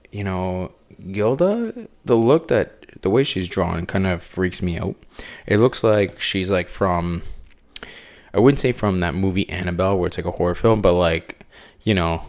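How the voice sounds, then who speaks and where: A man's voice: low-pitched, vocal fry. A man hosting a casual comic book review podcast, rambling with many fillers and restarts. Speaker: podcast host.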